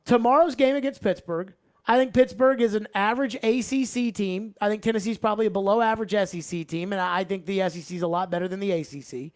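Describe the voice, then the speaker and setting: Male sports radio host, lively and punchy, mid-range voice. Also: high voice. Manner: energetic, shifts from loud openings to quick asides.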